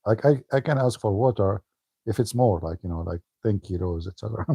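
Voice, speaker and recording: A man's voice: on the low side, lively intonation, fairly quick, creaky, mellow, husky, no room sound. A man giving a casual livestream talk as an online commentator, joking and laughing often.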